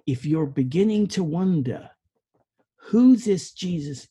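A man preaches a sermon with earnest conviction, sometimes restarting his sentences. His voice is husky and sits fairly high for a man. He moves from lively passages to quiet, reflective ones. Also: slow pace.

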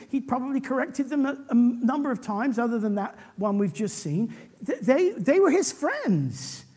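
Lively husky-voiced man preaching a sermon. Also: very high-pitched. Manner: animated, restarts sentences often.

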